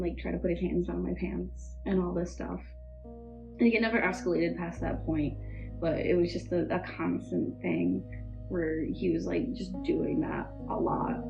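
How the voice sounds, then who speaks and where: A young woman with a somewhat low voice and a gravelly edge, talking haltingly as she recounts personal hardship. The recording is dull and muffled, with faint music underneath. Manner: halting, full of "like" and "um". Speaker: interview guest. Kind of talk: emotional personal testimony.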